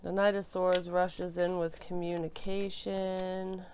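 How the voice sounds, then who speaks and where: A woman's voice: lowish voice, flat delivery, slow pace, a little mellow, a little hiss or hum. A woman reading tarot cards as a medium, talking bluntly and emotionally with lots of swearing and restarts, into a desk microphone. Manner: blunt and profane, emotional, thinking aloud with many restarts. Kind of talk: casual tarot reading to camera. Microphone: desk microphone she bumps.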